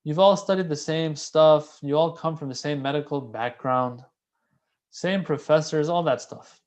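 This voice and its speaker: A man giving a casual, conversational religious lecture, animated and repeating key phrases for emphasis. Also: a little high, unhurried. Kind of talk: casual sermon explaining a classical text.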